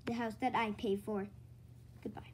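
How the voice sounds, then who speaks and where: A woman's voice: on the high side, little pitch movement, moderate pace, lightly acted. A woman voicing a blunt, grumpy parent figure who scolds and throws the kid out, in a homemade puppet skit, with a noisy home recording. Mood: scolding.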